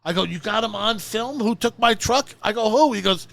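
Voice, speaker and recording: A middle-aged man with a New Jersey accent, telling a profane story in animated bursts and acting out every voice in it. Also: high voice, normal speed, creaky, heavy background noise. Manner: animated, acts out the voices in his stories, frequent swearing. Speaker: podcast guest, storyteller.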